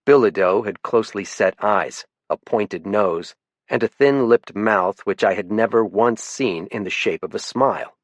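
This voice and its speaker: A man's voice: on the low side, a little slow, no echo. Dry-voiced male audiobook narrator. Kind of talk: first-person scripted narration.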